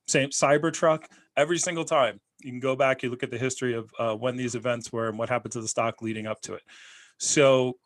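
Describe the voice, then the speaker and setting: A man hosting a podcast, telling stories in a rambling, animated way during casual chat. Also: medium pitch.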